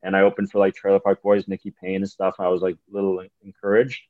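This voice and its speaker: The recording is muffled, and the young man speaking has a low voice and talks fast. A comedian from Canada, he's a guest in a laid-back podcast chat, delivering profane, meandering stories with plenty of animation.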